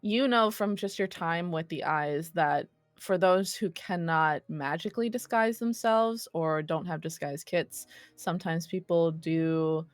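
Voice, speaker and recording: A playful woman runs a tabletop game as its game master, teasing her players and laughing often. Her voice sits a little low, in a dry, close recording with faint music behind. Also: measured pace, hardly any pauses, no room sound.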